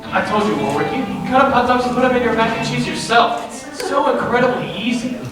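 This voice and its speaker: A teenage boy playing a scheming chef who talks in a silly, put-on French accent, theatrical and jumpy. The voice sits high, and it comes across distant and echoey, caught from far back in a school theater. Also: animated, fairly quick, music in the background. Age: teens. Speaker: student actor. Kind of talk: high school stage comedy.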